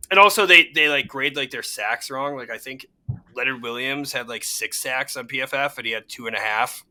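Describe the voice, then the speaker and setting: A young man co-hosting a casual sports chat, excitable and fan-ish, quick to laugh. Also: medium pitch. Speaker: podcast co-host.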